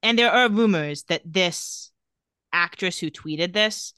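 A woman's voice: on the low side, takes it slowly, sharp tone, clear, resonant tone, dry recording, studio quality. A woman co-hosting a casual podcast, recounting tweets with wry commentary. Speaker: podcast co-host.

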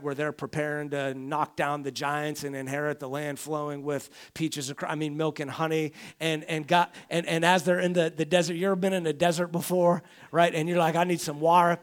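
Animated man preaching a sermon. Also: fairly high pitch. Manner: conversational preaching, rising and falling in volume, acts out complaining voices. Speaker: pastor.

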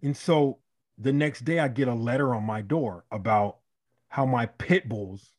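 A married man from Chicago telling a story in a casual podcast chat, animated and profane, acting out the people in it. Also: mid-range voice, a little slow. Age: adult, married. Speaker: podcast co-host.

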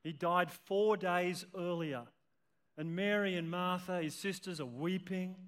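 A male pastor preaching an impassioned sermon to a church congregation with children present, swelling to shouts at emotional peaks. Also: high voice, steady tone, a little slow, smooth.

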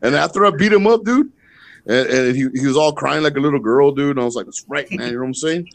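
A man's voice: a little high, fast, creaky, no room sound. A man on a podcast telling crude childhood stories in casual banter, laughing often. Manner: laughing, crude, animated storyteller. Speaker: podcast co-host.

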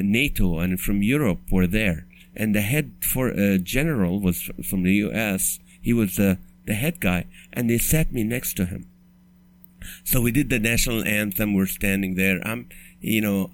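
A middle-aged comedian from the Middle East tells a long personal story in a fairly low voice. He slips in jokes as he goes and often breaks off to start a sentence again. He hosts the show himself. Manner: conversational, joke-laced, frequent restarts. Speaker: comedian and podcast host. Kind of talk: storytelling monologue.

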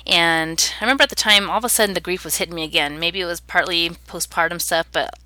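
A woman's voice: fairly low pitch, quick pace, bright, forceful tone, no echo. A woman in her thirties, an interview guest, telling a personal story in an earnest, reflective way.

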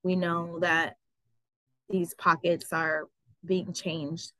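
Bright-voiced woman, chatty guest. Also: on the low side, very slow, dry recording, rough recording. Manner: animated storytelling, many fillers. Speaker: guest, travel business owner. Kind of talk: casual interview.

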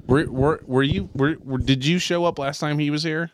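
A man co-hosting a podcast in casual chat, excitable, often restarting his words and swearing casually. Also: on the high side, normal speed, noisy background. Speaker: podcast co-host.

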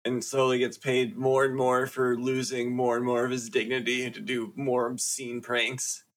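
A man co-hosting a casual podcast chat, relaxed and giving short replies. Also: mid-range voice, normal speed. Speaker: podcast co-host.

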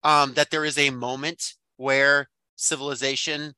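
A man co-hosting a casual book podcast, talking through his ideas in a rambling, thoughtful way with plenty of fillers and restarts. His voice is bright and forward. The sound is dry and close to the mic. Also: medium pitch, level tone, a little slow, clean tone, dry recording. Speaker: podcast co-host.

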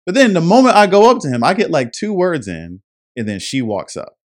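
A man's voice: on the high side, fairly quick. A man co-hosting a casual podcast, telling a story with acted-out dialogue and frequent laughs. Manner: animated storyteller, acts out dialogue, laughs often. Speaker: podcast co-host.

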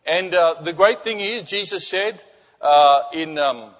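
A man delivers a sermon with a somewhat high voice, telling a story in an animated, stop-and-start way. His voice carries a long reverb from a large hall. The sound is a bit dull and muffled. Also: unhurried. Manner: animated storytelling, many restarts, drops to soft intimate tones. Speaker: pastor.

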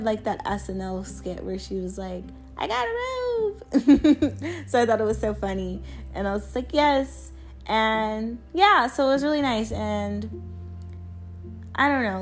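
A woman in her early twenties hosting a casual solo podcast from her family home, talking in a rambling, self-deprecating way with lots of fillers. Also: mid-range voice. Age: 20s. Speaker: podcast host.

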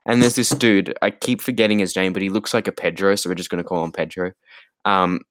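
A tired man rambles casually through a film recap, piling on fillers and laughing often. His voice sits low and sounds dry and close, with no room around it. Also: steady tone, brisk, dry recording. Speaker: podcast co-host. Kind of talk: casual chat about a film.

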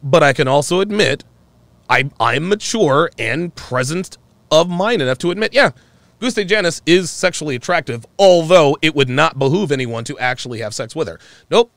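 A man hosts a talk podcast, talking with a mocking, opinionated edge. His pitch swings widely from low to high as he makes his points. The sound is dry and close. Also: animated, moderate pace, a bit bright, no echo. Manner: mocking, mimics others in exaggerated voices. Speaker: podcast host. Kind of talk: opinionated commentary on a live call-in stream.

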